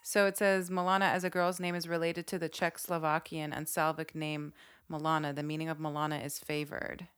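A woman's voice: low-pitched, flat delivery, brisk, fairly bright tone, smooth. A young woman in her twenties chatting easily as a podcast co-host. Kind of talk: casual chat.

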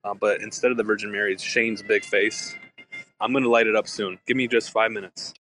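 A man's voice: lowish voice, steady tone, brisk, sharp tone, poor audio. A man in a casual online audio chat, joking in a playful, laid-back way. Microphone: online audio call.

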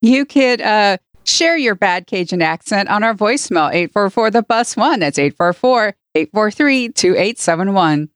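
A woman's voice: mid-range voice, animated, normal speed, few pauses, smooth, dry recording, clean studio sound. A woman co-hosting a podcast in casual chat, light and conversational. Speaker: podcast co-host.

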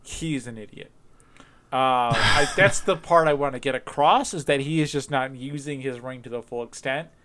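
A man's voice: medium pitch, moderate pace. A man in casual chat, rambling through ideas with many fillers and restarts, laughing often. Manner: laughs often, animated when joking.

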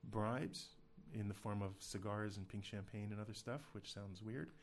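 A man's voice: fairly low pitch, steady tone, normal speed, background noise. A man hosting a casual podcast, talking in a chatty, self-deprecating way with loose restarts. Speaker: podcast host.

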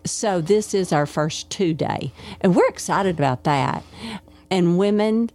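Woman, Arkansas Southern accent, ministry host, relaxed repeating drawl. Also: lowish voice, a little slow. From Arkansas, USA. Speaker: ministry leader and podcast host. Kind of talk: casual chat.

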